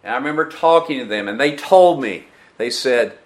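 A man's voice: mid-range voice, lively intonation, moderate pace. A man preaching a sermon who keeps asking the congregation questions.

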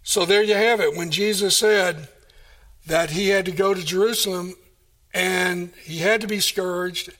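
Slow, high-voiced man preaching a sermon. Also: fairly even intonation, a bit bright. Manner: emphatic, rhetorical questions, measured delivery. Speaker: pastor.

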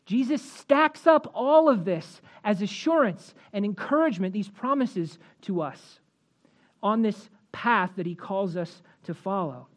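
Woman preaching a sermon, mid pitch, gets louder and higher when she hits the big points. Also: animated. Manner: rises in pitch and volume at emphatic points, slows for key phrases; expository, walks through verses.

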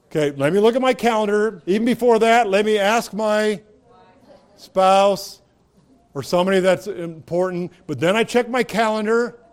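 A high, clean-toned male voice belongs to a pastor preaching conversationally. He asks rhetorical questions and rises to strong, emphatic climaxes.

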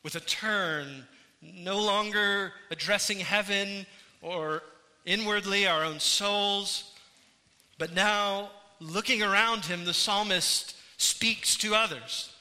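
A man's voice: high voice, slow pace, bright, forceful tone. A man preaching a sermon to his congregation in an earnest way that rises and falls in intensity. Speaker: pastor. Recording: church hall with long reverb.

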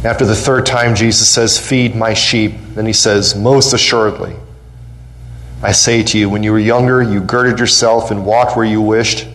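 This sermon comes from a pastor in a church sanctuary whose voice is fairly low and bright, with fairly even intonation and normal speed. His impassioned preaching builds in fervor, rising on questions and quotes and repeating phrases for emphasis. The recording is rough, with a little hiss or hum.

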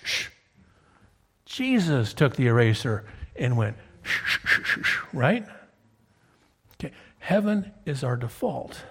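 A man's voice: mid-range voice, breathy edge. A man in his fifties preaching a sermon, telling stories in a conversational way and often checking in with "okay?". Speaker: pastor.

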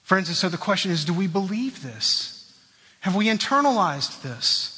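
A man delivers an earnest sermon from the pulpit, his voice pitched high and bright. He sinks low at the close of his phrases and keeps turning to his listeners as friends. A long reverb from the church hall trails behind every line. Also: big pitch swings, moderate pace, breathy edge. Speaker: pastor.

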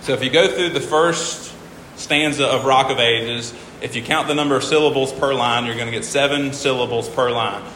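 Guy teaching a class in a big echoey hall, bright voice, counts stuff out loud slowly. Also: medium pitch, fairly even intonation, a little hiss or hum. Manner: patient, stops to count syllables aloud and repeats himself. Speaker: teacher explaining hymn meters. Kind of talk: informal classroom lecture.

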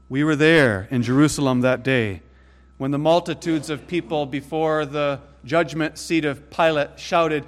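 Earnest male preacher, slightly high voice. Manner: earnest, rising to emphatic peaks then dropping low and soft. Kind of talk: sermon.

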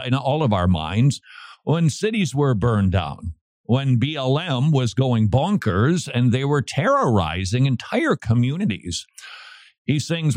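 A man hosting a Christian talk radio show, teasing his co-host and then giving commentary in a quick, playful way. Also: mid-range voice, a little mellow, no echo, studio quality.

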